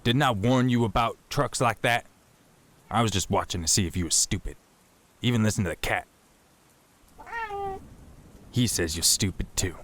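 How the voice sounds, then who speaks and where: A man's voice: on the low side, normal speed, pauses often, fairly bright tone, a little hiss or hum, lightly acted. A man voicing a blunt, insulting grandfather in a made-up story told on a livestream. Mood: scolding. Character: gruff scolding grandfather, older man.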